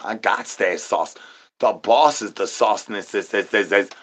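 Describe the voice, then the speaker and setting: A man with a fairly low, unhurried voice livestreams, rambling nonsense to his chat in a sing-song patter full of repeated rhyming filler syllables and catchphrases.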